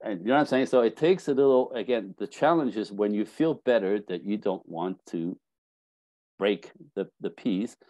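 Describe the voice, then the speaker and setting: A man's voice: lowish voice, moderate pace, no room sound, low-quality recording. A man giving relationship advice in a casual interview, acting out little quoted scenes as he tells stories. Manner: animated storyteller acting out quotes. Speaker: relationship coach guest.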